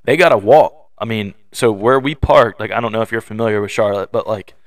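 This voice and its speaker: A young man with a lowish voice, chatting through a story the way a podcast co-host does. He talks loosely with plenty of fillers and acts out what others said. The sound is dry and close, with no room in it. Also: fairly quick, no room sound. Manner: storytelling, acting out quoted voices; loose, filler-heavy delivery. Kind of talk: casual chat.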